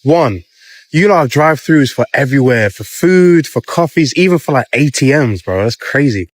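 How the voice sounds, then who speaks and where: A man's voice: medium pitch, expressive, normal speed, no echo. Casual young British man listing points. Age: 20s. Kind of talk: casual vlog to camera.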